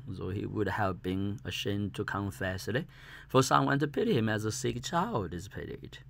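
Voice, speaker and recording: A man reading a classic novel aloud as an audiobook, halting and stumbling over words now and then. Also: lowish voice, creaky, fairly bright tone. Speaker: audiobook reader.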